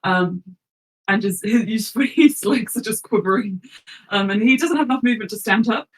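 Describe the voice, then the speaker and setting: A woman's voice: medium pitch, moderate pace, far from the mic, rough recording. Giggly woman running a tabletop game. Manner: chatty, giggly, loose. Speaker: game master.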